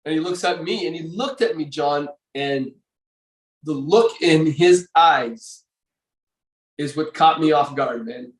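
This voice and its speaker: An older man recounting old times as a podcast guest, his voice sitting a little higher than most men's. He rambles, circles back and restarts his sentences often. He sounds set back from the microphone in a roomy, echoing space. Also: slow pace, far from the mic. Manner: rambling, with many fillers and restarts. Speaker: podcast guest, former bodybuilder. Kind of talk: casual storytelling interview.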